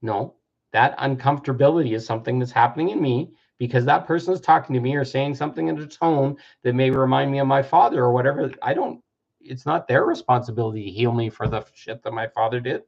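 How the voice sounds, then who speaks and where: A man's voice: medium pitch, quick pace, creaky, a little mellow. A man in his fifties giving an earnest self-help talk, sometimes acting out the voices of people he quotes. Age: 50s. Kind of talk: reflective personal-growth talk. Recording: dull lo-fi recording.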